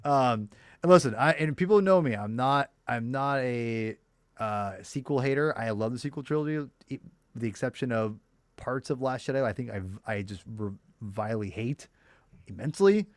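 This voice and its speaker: A man's voice: medium pitch, moderate pace, no room sound. A man in his thirties, co-hosting a casual podcast chat, rambling with frequent restarts. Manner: rambling, lots of restarts and fillers. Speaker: podcast co-host.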